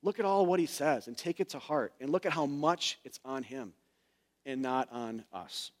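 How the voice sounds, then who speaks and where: A man preaching a sermon in a church, earnest and conversational, swinging from emphatic peaks to soft, quiet phrases. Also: medium pitch, normal speed. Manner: speaks fillers and restarts, conversational preaching. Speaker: pastor.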